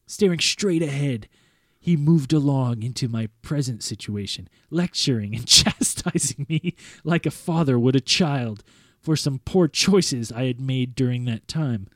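A man reading a first-person story aloud in a measured, earnest way, as a podcast host. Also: medium pitch, animated, dry recording, clean studio sound.

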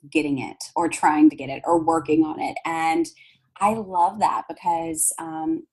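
Husky woman telling stories. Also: low-pitched, unhurried, poor audio. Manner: animated, acts out others' voices, fillers and restarts. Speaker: podcast guest, manifesting coach. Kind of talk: casual storytelling chat.

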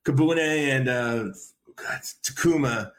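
A wrestling commentator guesting on a podcast talks slowly in a mid-range voice. His casual conversation rambles, with many repeated fillers and restarts.

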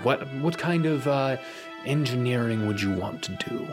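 Man voicing a jolly, charismatic tabletop-game mayor, raised pitch, chummy and effusive. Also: moderate pace, over music, natural voice. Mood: jovial. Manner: high, bright, chummy and effusive. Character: jovial charismatic male mayor, middle-aged.

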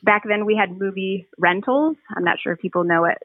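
A woman's voice: medium pitch, no room sound. Earnest woman on a tinny phone line. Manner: earnest, halting, reflective. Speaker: podcast guest. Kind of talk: personal testimony interview.

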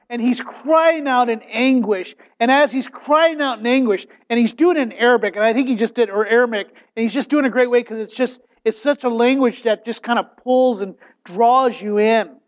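A high-voiced man preaches a sermon, lively and animated, often breaking off and restarting his sentences. The recording is dull and lo-fi, as if captured in a church. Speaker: pastor. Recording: dull, lo-fi sound.

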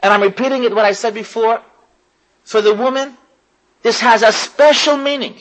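A woman's voice: a little high, moderate pace, long pauses, poor audio. A woman giving an impassioned religious lecture to women, repeating phrases and putting questions to her listeners. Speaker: religious teacher.

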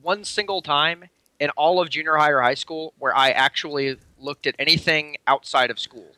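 Male podcast co-host, bright and tense voice, teasing banter, dry close mic. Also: fairly high pitch, normal speed, dry recording. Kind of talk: casual chat.

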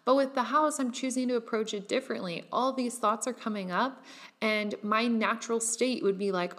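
A woman's voice: fairly high pitch, normal speed. Chatty young woman podcaster. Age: young adult. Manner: chatty and animated, with many "like" fillers and laughs. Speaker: podcast host. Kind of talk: casual solo podcast monologue.

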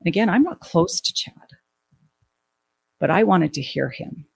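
A middle-aged woman telling an emotional personal story in an interview, halting and restarting her sentences. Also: fairly low pitch, big pitch swings, vocal fry, darkish tone, husky, low-quality recording. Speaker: guest recounting a family death.

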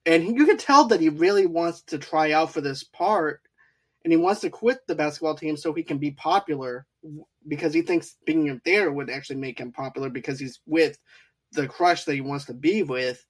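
Male podcast co-host, slightly high pitch, chatty and rambling, acts out quotes. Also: brisk. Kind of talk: casual movie discussion.

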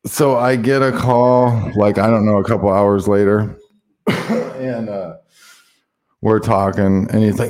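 A man's voice: on the low side, fairly even intonation, a little slow, darkish tone. A man, a guest, rambling through a casual story and acting out the quoted dialogue. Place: in Mexico.

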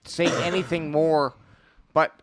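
Rambling young Canadian man, slightly high voice. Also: little pitch movement, slow pace, dry recording. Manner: rambling, restarts sentences. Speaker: podcast co-host. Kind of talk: casual chat.

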